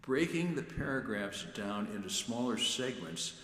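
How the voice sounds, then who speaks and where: Male church lector, measured and deliberate, low voice, roomy reverberant sound. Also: lively intonation, a bit bright. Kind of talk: prepared talk on reading scripture aloud. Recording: echoey room with long reverb.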